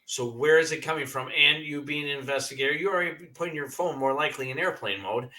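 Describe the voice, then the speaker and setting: A man's voice: fairly high pitch, fast, sharp tone. A man hosting a paranormal podcast, chatty and enthusiastic as he leads each segment. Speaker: podcast host. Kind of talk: casual interview chat.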